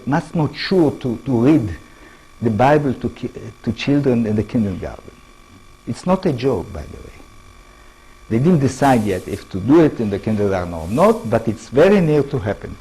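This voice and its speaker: A man with an Israeli accent giving a lecture to an audience in halting English, often restarting words and checking in with his listeners. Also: medium pitch, warm tone, husky, rough recording. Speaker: author giving a public talk.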